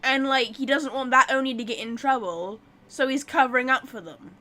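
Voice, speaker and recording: A woman's voice: sits high, a little fast, pushed and bright. A woman commenting casually while playing a video game, chatty and sarcastic, leaning on filler words. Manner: chatty, leans on "like", sarcastic asides.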